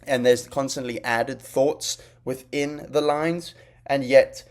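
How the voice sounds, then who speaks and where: A young man speaking to his class in a chatty, informal manner. He talks his points through as they come to him. His pitch sits in the ordinary middle for a man. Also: fairly even intonation, slow, darkish tone. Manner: conversational, explaining on the fly. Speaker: student presenter. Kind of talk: class presentation.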